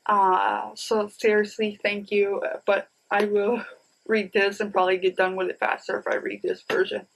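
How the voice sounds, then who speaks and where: A woman in her thirties at home, talking through a pile of new books in a loose, rambling way. Her voice sits at an ordinary middle pitch, and she keeps turning to her viewers with chatty asides. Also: level tone, normal speed, gravelly, low-quality recording. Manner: chatty and rambling, addresses viewers as "you guys". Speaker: book vlogger. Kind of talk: casual book haul chat.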